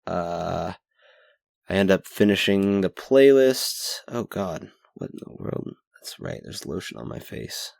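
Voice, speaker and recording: Low-voiced rambling young man podcasting. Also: slow pace, creaky, darkish tone, dry recording, studio quality. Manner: rambling, self-deprecating, swears casually. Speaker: podcast host. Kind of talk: casual spoken journal. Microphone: headset mic with pop filter.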